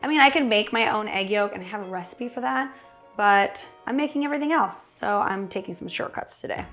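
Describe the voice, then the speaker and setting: A woman's voice: mid-range voice, fairly quick, a bit bright, dull audio, soft background music. A woman hosting a cooking show in her home kitchen, chatty and wry as she talks through each step. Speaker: cooking channel host. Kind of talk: casual cooking demonstration.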